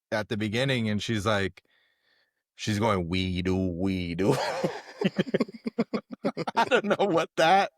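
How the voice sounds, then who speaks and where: A man of ordinary pitch co-hosting a podcast, taking his time with each thought while his voice rises and falls freely. He laughs along with his partner, and the recording is dry and close. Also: no echo. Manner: drawn-out, unhurried storytelling with laughs. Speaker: podcast co-host. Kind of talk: casual comedic chat.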